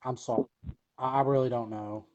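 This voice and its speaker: A man's voice: mid-range voice, steady tone, fairly quick, a little mellow, highs cut off. A man being interviewed, telling a long story casually with many fillers and restarts. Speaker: wrestler guest.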